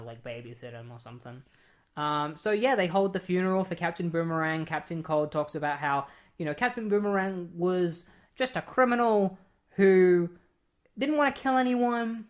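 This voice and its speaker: A comic book reviewer talking through a story recap in a loose, conversational way. The delivery is chatty and full of fillers, with dismissive little asides, at a middling pitch. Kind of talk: casual plot recap.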